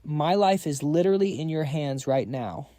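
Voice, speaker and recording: A man's voice: fairly high pitch, animated, moderate pace, warm tone, no echo, clean studio sound, close to an everyday voice. A man doing a clownish chubby sidekick. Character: chubby young man, loyal, clownish friend.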